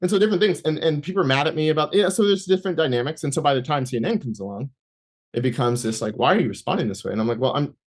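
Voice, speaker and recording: A man as an interview guest, telling a personal story in conversation with many fillers and restarts. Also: fairly high pitch. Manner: halting, many fillers and restarts, laughs while talking.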